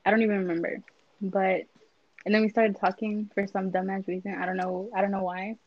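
A woman's voice: mid-range voice, little pitch movement, brisk. A young woman telling a rambling story in casual chat with friends, slangy and easily distracted. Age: young adult. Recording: muffled lo-fi audio.

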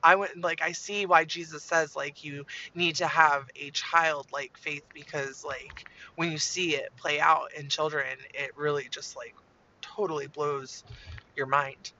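A woman's voice: low-pitched, steady tone, a little slow, bright, forceful tone, a little hiss or hum. A woman sharing her faith in an earnest, casual way, with many "like"s, on a dull lo-fi recording. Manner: earnest, chatty, heavy use of "like".

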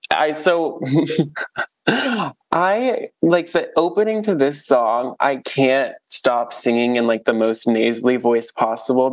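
A man co-hosting a podcast, chatting casually about music, animated, laughing often and using many fillers. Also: mid-range voice. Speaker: podcast co-host. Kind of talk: casual chat reviewing an album.

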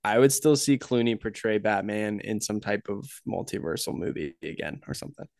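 A man's voice: fairly low pitch, animated, gravelly, darkish tone, dry recording, clean studio sound. A man co-hosting a podcast, casually summarizing a movie's ending and reading out a review. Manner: measured, summarizing plot and reading quotes. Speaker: podcast co-host.

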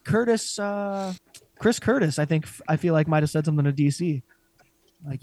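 A man's voice: on the high side, normal speed, dry recording. A young man co-hosting a casual fight-talk podcast, swearing freely and laughing often as he chats. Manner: profane, animated, laughs often. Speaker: podcast co-host. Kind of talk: casual chat.

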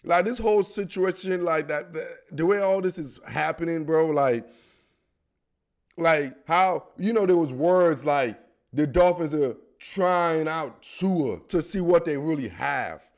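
A young man with a high, light voice hosts a sports podcast. He riffs on football in loose, slangy, animated chatter that keeps building with excitement. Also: measured pace. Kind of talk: casual sports commentary.

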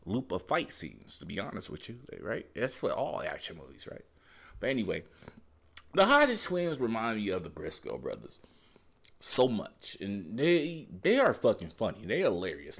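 A man talking off the cuff on his podcast, his pitch jumping around a lot as he rambles. He swears freely and trips over restarts and fillers. The recording sounds dull and lo-fi. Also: fairly bright tone. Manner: profane, meandering, lots of fillers and self-corrections. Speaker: podcast host. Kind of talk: casual rambling monologue.

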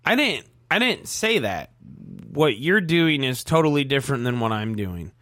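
A man's voice: mid-range voice, big pitch swings, moderate pace, fairly bright tone, no room sound, studio quality. A man co-hosting a sports talk show, ranting in frustration with profanity and stammered restarts.

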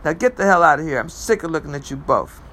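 A man reading as a gruff, cursing father. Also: on the high side, animated, quick pace, sharp tone. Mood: angry. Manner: blunt, cursing, commanding. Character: gruff, strict father, middle-aged man.

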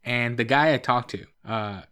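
A man's voice: mid-range voice, measured pace, sharp tone, smooth. Young man telling a rambling story. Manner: rambling storyteller, insists on finishing his point. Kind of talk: casual chat.

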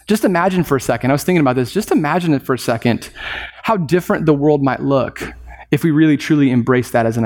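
In a large hall, a man with a slightly high voice preaches a sermon earnestly and emphatically, slowing down to stress key words.

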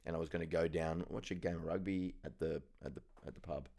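Deep-voiced man telling a story. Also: steady tone, fast talker, gravelly, warm tone. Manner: storytelling, self-deprecating, laughs often. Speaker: podcast co-host. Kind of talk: casual chat.

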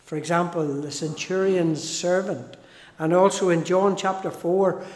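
A man preaching a sermon, slow and emphatic, who repeats key phrases for weight and restarts his sentences. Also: high-pitched, fairly even intonation, darkish tone. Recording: echoey hall with long reverb.

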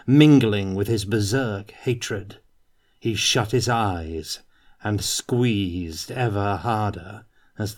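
A man reading a fantasy novel aloud in a measured, dramatic way. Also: on the low side. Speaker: reader.

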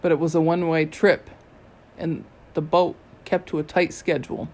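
A reader giving a steady, first-person audiobook narration. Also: mid-range voice, moderate pace.

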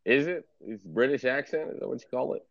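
A man's voice: medium pitch, expressive, fairly quick, vocal fry, no echo, dull audio. A man streaming in a casual video chat, laid-back and teasing, swearing freely. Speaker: streamer and tarot card reader.

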